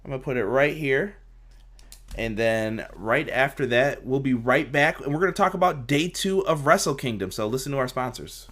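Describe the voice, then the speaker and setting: A man hosting a casual wrestling podcast, excitable, laughing and acting out his reactions. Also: medium pitch, normal speed. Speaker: podcast host.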